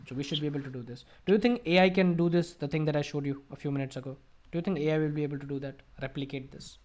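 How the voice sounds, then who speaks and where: A man's voice: fairly high pitch, fairly even intonation, rapid-fire, darkish tone. Indian man teaching an online class. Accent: Indian English. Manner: explanatory, asks the class questions. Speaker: IELTS tutor.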